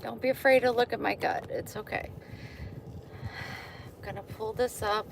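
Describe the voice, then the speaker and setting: A woman's voice: on the high side, fairly even intonation, a little slow, vocal fry. A woman vlogging on a phone while walking outdoors, chatting to her viewers in a meandering, easily sidetracked way. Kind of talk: rambling livestream chat. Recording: outdoor street noise with traffic. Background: outdoor ambience and passing vehicles.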